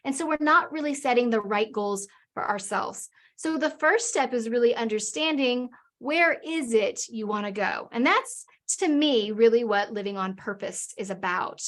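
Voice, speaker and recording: A middle-aged woman, a business owner and podcast guest, telling a lively personal story in an energetic way. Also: a little high, normal speed, hardly any pauses. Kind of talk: storytelling in an interview.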